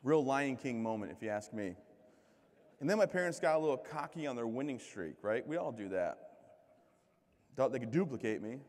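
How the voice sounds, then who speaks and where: A man in his thirties from Michigan, giving a comic, self-mocking keynote speech with lively crowd banter. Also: medium pitch, moderate pace, long pauses. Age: 30s. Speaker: keynote speaker. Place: large conference hall. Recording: long hall reverb.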